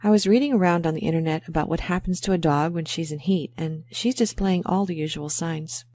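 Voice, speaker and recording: A woman's voice: low voice, fairly quick, warm tone. A woman playing a worried dog owner in a scripted exam listening dialogue, chatty and a little embarrassed. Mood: talkative worried. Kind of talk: scripted exam role-play.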